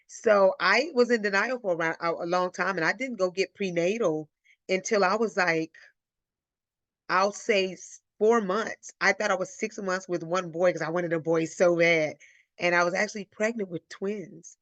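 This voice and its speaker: A woman from Illinois hosting a live Q&A, telling a personal story in a casual, animated way and acting out the voices she quotes. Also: medium pitch, moderate pace, no room sound, highs cut off. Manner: animated, acts out quoted voices, addresses listeners as y'all. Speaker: host of a live Q&A.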